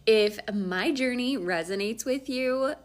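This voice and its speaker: A woman's voice: a little high, takes it slowly. A woman in her late thirties telling a casual storytime and acting out the dialogue with lots of animation. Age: late 30s.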